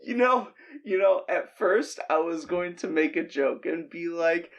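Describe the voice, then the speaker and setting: A man's voice: on the high side, measured pace, dull audio. A man co-hosting a comedy podcast, talking in rambling, restarting sentences with chuckles. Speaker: podcast co-host. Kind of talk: casual comedic chat.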